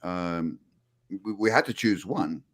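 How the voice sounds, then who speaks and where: A man's voice: sits low, takes it slowly. A middle-aged man, a linguistics professor, talking in an interview over a video call, explaining with frequent restarts. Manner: animated, many restarts, explanatory. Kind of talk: conversational interview.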